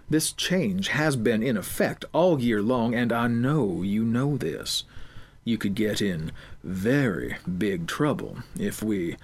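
A man voicing a crooked older female school guard who talks slowly and slyly. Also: on the low side, slightly rough, pitched below the performer's own voice, exaggerated voice. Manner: slow, sly, extorting.

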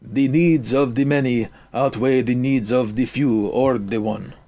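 A man voicing a teenage boy who mimics a dying alien officer in a slow, solemn voice. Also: mid-range voice, mellow, close to an everyday voice.

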